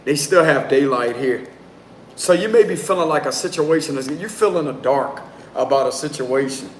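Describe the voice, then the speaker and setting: A man's voice: fairly high pitch, moderate pace. A man doing a casual live tarot reading, talking in a loose, slangy way and prone to giggling. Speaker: tarot reader. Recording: roomy echo, faint background noise.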